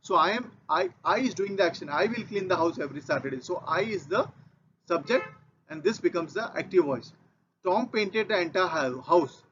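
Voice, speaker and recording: A man's voice: sits high, expressive, normal speed, a bit bright, slight background noise. A man with an Indian English accent teaching a grammar lesson, methodical and repeating each key point. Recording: dull lo-fi audio.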